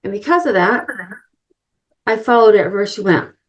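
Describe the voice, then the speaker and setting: A woman's voice: mid-range voice, animated, brisk, dull audio. A middle-aged woman giving an inspirational talk, telling a personal story earnestly and addressing the listeners directly. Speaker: summit speaker.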